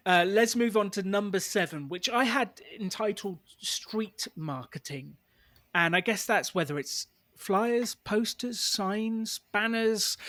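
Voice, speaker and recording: A man hosts a casual podcast chat, his voice a touch higher than most men's. He tells stories with an easy laugh, recorded close and dry with no room sound. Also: a bit bright, no room sound. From England. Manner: chatty, laughs easily while telling anecdotes. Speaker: podcast host.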